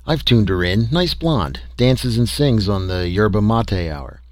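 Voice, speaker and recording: A man voicing a wisecracking male spaceship crewman, offhand and quick. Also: fairly low pitch, lively intonation, darkish tone, no room sound.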